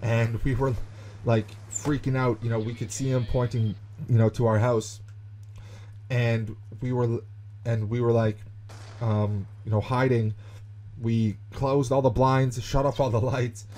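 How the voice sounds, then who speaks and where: Young man telling a story, mellow voice. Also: mid-range voice, measured pace, a little hiss or hum. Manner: animated, chatty storytelling with many fillers. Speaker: gaming YouTuber. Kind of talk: storytelling commentary over gameplay.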